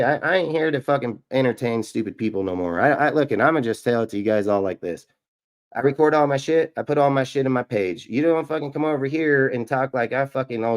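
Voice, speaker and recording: A man hosting a live sports stream, ranting in an aggressive, profane and boastful way. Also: medium pitch. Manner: boastful, repetitive. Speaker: sports show host.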